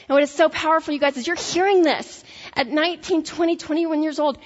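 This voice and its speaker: High-voiced woman with a Tennessee accent. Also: fast. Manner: energetic, animated, laughing asides. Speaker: speaker addressing college students. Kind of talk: motivational faith-based talk. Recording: echoey hall, dull lo-fi sound.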